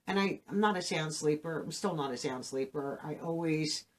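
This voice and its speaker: A middle-aged woman, the host of her own channel, telling a personal story to camera in a halting, emotional way, full of fillers. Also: low voice. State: emotional, saddened.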